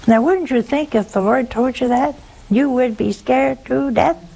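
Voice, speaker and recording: A woman's voice: sits high, measured pace, creaky, mellow, slightly rough. A woman preaching a sermon, telling a story in a conversational way and asking the audience rhetorical questions.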